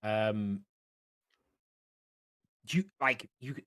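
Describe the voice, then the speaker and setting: A man's voice: fairly low pitch, drawn-out words, a bit bright, clean tone. Man, game master, tabletop game narration, rambling, filler-heavy. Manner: rambling, many fillers and restarts.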